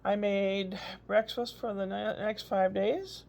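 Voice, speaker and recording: Gravelly-voiced older grandmother rambling. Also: medium pitch, fairly even intonation, slow, darkish tone. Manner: chatty, rambling, frequent laughs. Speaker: vlogger. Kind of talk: casual rambling video diary. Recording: dull lo-fi recording.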